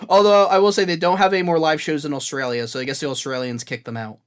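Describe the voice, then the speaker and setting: A man's voice: a little high, fairly even intonation, quick pace, clear, resonant tone. A man co-hosting a podcast, chatting casually and rambling through a long list he is looking up. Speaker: podcast co-host. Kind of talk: casual chat.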